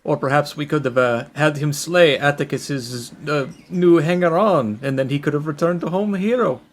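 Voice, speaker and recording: A man's voice: medium pitch, normal speed, close to an everyday voice. A man voicing a scheming male adventurer with magical knowledge, using formal, old-fashioned phrasing. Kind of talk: tabletop role-play character voice.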